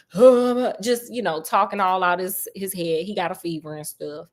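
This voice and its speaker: A woman's voice: medium pitch, moderate pace. Slangy, joking woman storyteller. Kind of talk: casual comic story retelling.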